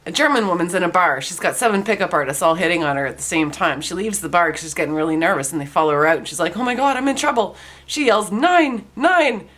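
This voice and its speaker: A woman host telling rapid-fire dark one-liner jokes in a deadpan delivery. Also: deep voice.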